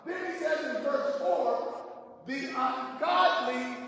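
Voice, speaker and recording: A male pastor preaching a sermon in call-and-response, asking the church to finish his lines and rising to shouts on key points. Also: very high-pitched, slow pace, crowd noise. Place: church sanctuary. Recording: echoey church hall, mic far off.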